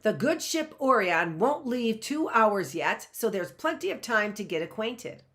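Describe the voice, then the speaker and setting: A woman's voice: mid-range voice, very animated, a little slow, fairly bright tone. Woman reading a story aloud. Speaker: host reading a book aloud.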